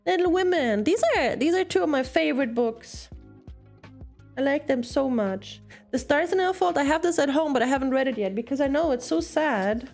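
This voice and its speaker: A woman's voice: sits high, animated, normal speed, a little mellow, faint music behind. A young woman streaming while she crafts, chatting casually in a rambling way, giggling often and telling puns.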